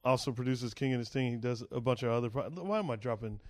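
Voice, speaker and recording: A comedian guest on a podcast, this man rambles through a story full of swearing, slipping into the voices of the people in it. His voice sits at a middle pitch for a man. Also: fast. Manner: profane, rambling, acts out quoted voices.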